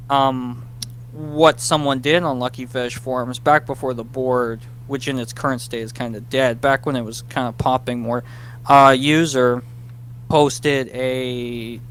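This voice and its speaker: A man of middle pitch telling a story as a guest in a casual interview. He is animated and self-deprecating, and he talks about his nerves with a light hum behind him. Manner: animated, acts out his past self in quick bursts. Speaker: guest writer.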